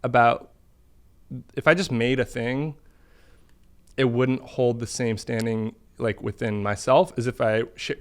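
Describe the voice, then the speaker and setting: A man being interviewed about his art, speaking in a thoughtful, halting way with frequent restarts. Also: medium pitch, steady tone, smooth. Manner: thoughtful, halting, self-correcting. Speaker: interview guest, artist. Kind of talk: casual interview.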